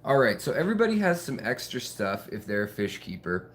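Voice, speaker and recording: A man's voice: medium pitch, sing-song, brisk, slight background noise. A man hosting an aquarium channel, chatting casually and rambling to the camera beside his fish tanks at home, with lots of fillers and jokes. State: out of breath.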